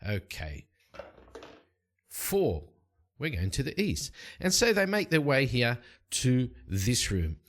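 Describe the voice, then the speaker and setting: A man narrating and playing a solo tabletop game at a desk mic, rambling and relaxed with plenty of fillers. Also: mid-range voice, slow, pauses often. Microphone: desk microphone.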